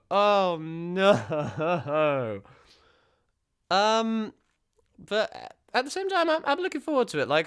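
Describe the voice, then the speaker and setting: A man hosting a casual reaction video, talking in an excitable, rambling way. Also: a little high, clear, resonant tone.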